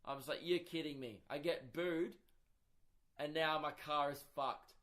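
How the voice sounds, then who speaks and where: Profane young Australian comedian ranting. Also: male voice, on the high side, measured pace. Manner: profane, exasperated, animated ranting. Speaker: comedian and podcast host. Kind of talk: casual comic storytelling monologue.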